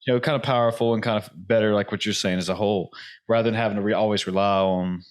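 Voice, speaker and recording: A man's voice: fairly low pitch, fairly even intonation, quick pace. A man hosting an interview, asking rambling, searching questions in a casual conversational way. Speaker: interview host.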